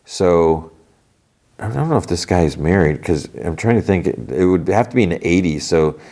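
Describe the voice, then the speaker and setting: A man with a low, deep voice hosts a podcast and talks through a TV episode. His retelling is loose and rambling, full of fillers as he goes. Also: animated, moderate pace, dark tone. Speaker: podcast host. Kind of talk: casual episode recap.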